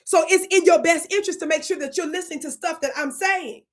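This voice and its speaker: Her voice is very high and her pace quick as this channel host launches into a fiery monologue. She preaches at and scolds her viewers, stretches words for emphasis, and keeps checking if they're listening.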